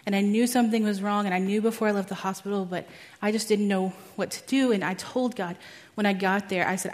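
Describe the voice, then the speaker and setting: A young woman telling a personal testimony in a chatty way, full of "like" and quick laughs at herself. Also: mid-range voice, fairly even intonation. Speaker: speaker at a church teaching.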